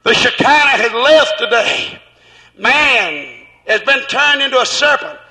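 A man preaching a sermon in a fervent, rhythmic way, at times breaking into shouts. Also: very high-pitched, lively intonation, a little slow, creaky, big-room sound, poor audio.

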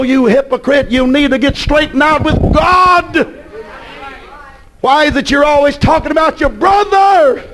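A man preaching a fiery evening church sermon in a chanted, repetitive way with sudden shouted peaks. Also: very high voice, moderate pace.

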